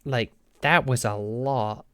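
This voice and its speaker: A woman's voice: extremely low pitch, slow pace, smooth. A woman streamer telling a story to her chat in a casual, sweary way, laughing often. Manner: animated, sweary, frequent laughs.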